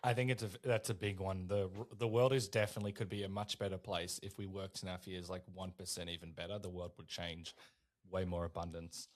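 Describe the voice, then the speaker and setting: A man hosting a podcast, asking set questions in a relaxed, encouraging way. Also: deep voice, a little fast. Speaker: podcast host. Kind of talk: casual interview questions.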